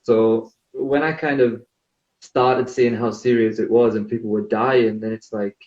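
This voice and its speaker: A man's voice: medium pitch, steady tone, a little slow, a little mellow, roomy sound, lo-fi sound. Easygoing young man from northeast England. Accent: northeast English. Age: 20s. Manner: easygoing and chatty, with light laughs. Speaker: guest. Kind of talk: casual interview chat. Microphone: video call.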